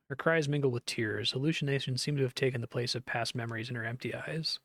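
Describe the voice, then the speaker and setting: A male streamer reading game text aloud in an earnest, measured way. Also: mid-range voice, a bit bright, no echo.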